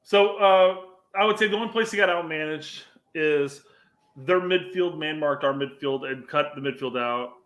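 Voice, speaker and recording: Man, podcast co-host, casual sports chat, rambling, hesitant, bright tense tone, slightly high. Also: normal speed. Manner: rambling, hesitant, many fillers and restarts.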